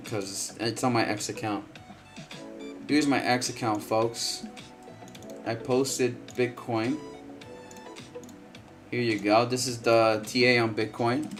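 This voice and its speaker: Blunt, tired man talking markets. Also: medium pitch. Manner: blunt, swears freely, repeats himself. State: tired, sleepless and yawning. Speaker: trading livestream host. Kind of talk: casual live market commentary.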